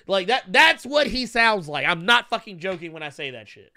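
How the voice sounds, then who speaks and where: A man co-hosting a podcast, riffing in profane, animated casual commentary. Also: sits high, moderate pace, few pauses, no room sound, clean studio sound. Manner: animated, swearing, laughing, mocking voices. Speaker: podcast co-host.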